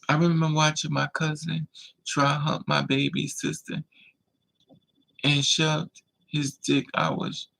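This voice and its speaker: A man hosting a livestream, telling a personal story in a casual, animated way and acting out the voices of the people in it. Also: mid-range voice, creaky, slightly rough, low-quality recording. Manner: animated, acts out quoted voices.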